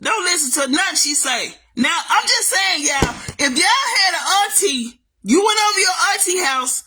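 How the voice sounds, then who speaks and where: Fired-up woman ranting on camera about family, high bright voice, keeps calling the listener baby. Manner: heated, calls the listener baby, swings loud and high. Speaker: vlogger. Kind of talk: emotional family rant to camera.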